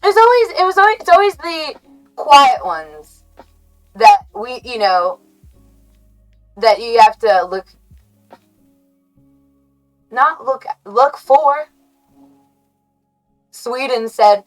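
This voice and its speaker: An American woman hosting a livestream, chatting to her viewers in a rambling, halting way that keeps correcting itself and breaks into giggles. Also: sits high, sing-song, soft background music, low-quality recording. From United States. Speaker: livestream host. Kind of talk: casual stream chat to viewers.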